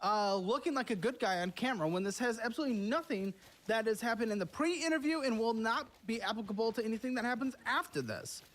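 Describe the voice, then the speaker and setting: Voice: mid-range voice, animated, quick pace, hardly any pauses, a bit bright. A host presses a guest with exasperated, interrogating questions. The voice swings widely up and down as the challenges pile on. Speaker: show host. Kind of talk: confrontational interviewing.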